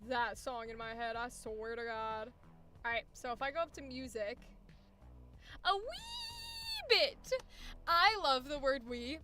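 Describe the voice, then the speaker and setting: This voice actor, streaming a coaching session, has a fairly high, slightly bright voice with a steady tone and normal pace. She chats casually, swears freely, and laughs easily, with faint background music playing.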